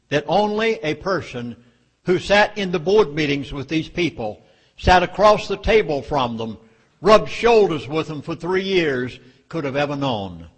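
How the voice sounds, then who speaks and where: A man's voice: fairly high pitch, husky. Emphatic Southern US man giving a speech. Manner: emphatic, dramatic warnings. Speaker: public speaker. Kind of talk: speech to a live audience.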